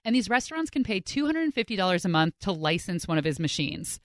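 A woman podcast host narrating in a chatty, expressive way. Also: on the low side, quick pace, no room sound, studio quality. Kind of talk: scripted narration.

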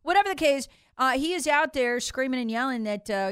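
A woman hosting an opinion monologue, sarcastic, swinging from loud outbursts to muttered asides and mocking voices. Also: sits high, animated, fairly quick, few pauses, clean tone, no room sound, studio quality. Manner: acts out mocking voices of others. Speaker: political commentary host.

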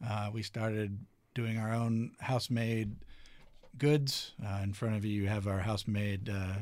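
A man's voice: fairly low pitch, steady tone, a little slow, a little mellow, no echo. A man who co-owns a restaurant, answering interview questions in an easygoing way with many filler words. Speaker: restaurant co-owner, guest.

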